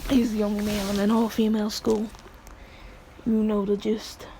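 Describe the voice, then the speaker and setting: A woman casually retells a fan story, rambling and crude, and laughs often. Her voice sits at a middling pitch. A faint hum of background noise sits under her. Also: level tone, normal speed, dark tone.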